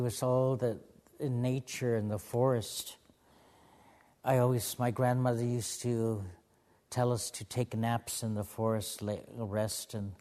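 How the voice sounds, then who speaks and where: A man from the Pacific Northwest telling stories and spiritual teachings to a gathering in a gentle, humorous way. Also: medium pitch, long reverb tail. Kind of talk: live storytelling to a gathering.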